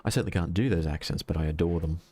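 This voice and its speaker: Deep-voiced joking male game streamer. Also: very fast, mellow. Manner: chatty, self-mocking, joking asides. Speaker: VTuber streamer. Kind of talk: casual gameplay commentary.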